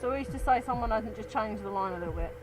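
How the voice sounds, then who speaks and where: A woman's voice: a little high, fast, background noise. A British woman co-hosting a casual chat, blunt and emphatic, swearing freely. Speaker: co-host.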